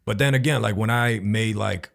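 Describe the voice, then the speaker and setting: A man's voice: lowish voice, moderate pace, gravelly, a bit bright. A man hosting a podcast, talking in a laid-back, slangy way in casual conversation. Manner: laid-back slangy talk with frequent laughs.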